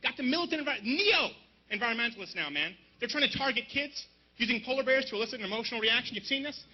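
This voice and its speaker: Lively high-voiced male stand-up comic. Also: muffled recording. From Canada. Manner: quick punchy delivery, mocking impressions. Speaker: stand-up comedian. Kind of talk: stand-up comedy set. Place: outdoor rally stage.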